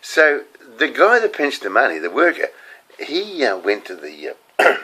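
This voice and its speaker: Rambling older New Zealand man, husky. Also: mid-range voice, wildly swooping pitch, moderate pace, pushed and bright, rough recording. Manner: chatty, digressive, laughing at his own stories. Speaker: home video host. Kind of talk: rambling casual monologue to camera.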